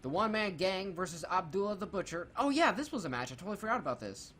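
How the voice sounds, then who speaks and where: A man's voice: high-pitched, sing-song, quick pace, a crowd in the background. Sarcastic man swearing through a review. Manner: reads notes aloud, swears freely, sarcastic. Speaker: co-host reviewing a wrestling show. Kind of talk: casual, profane review commentary.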